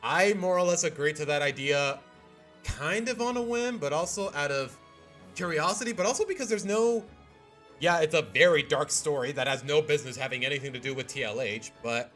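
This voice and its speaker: A man's voice: on the high side, a bit bright. A man streamer in casual livestream chat, rambling and often restarting with "you know what".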